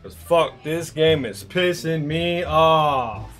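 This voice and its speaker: A young man commentating his own gameplay, ranting and swearing constantly, often bursting into shouts. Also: fairly high pitch, slow pace, soft background music. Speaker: gaming YouTuber.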